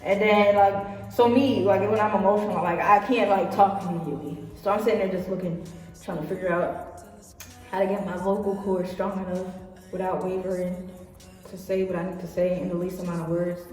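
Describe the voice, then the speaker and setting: A woman's voice: mid-range voice, fairly even intonation, brisk, a little mellow. A young woman telling a personal story in a casual vlog, rambling with lots of fillers and acting out what people said. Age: young adult. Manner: rambling, filler-heavy, acts out quotes. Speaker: vlogger. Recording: echoey room, far from mic, faint music.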